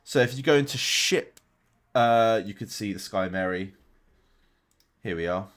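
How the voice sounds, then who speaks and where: Speaking from his bedroom on a live stream, this young man, a game streamer, fields questions from viewers in a casual way, frequently starting over mid-thought. He has a lowish, slightly bright voice and talks a little slowly.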